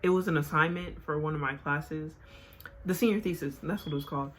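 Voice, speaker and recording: A woman's voice: deep voice, brisk, fairly bright tone. Chatty young woman telling a story. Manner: chatty, lots of "like" fillers. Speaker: vlogger. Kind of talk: casual story time.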